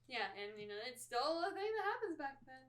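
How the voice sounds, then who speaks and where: A woman's voice: high voice, sing-song, a little fast, fairly bright tone, reverberant. A woman chatting casually over a movie and thinking aloud as she talks. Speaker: film commentator. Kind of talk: casual movie commentary chat.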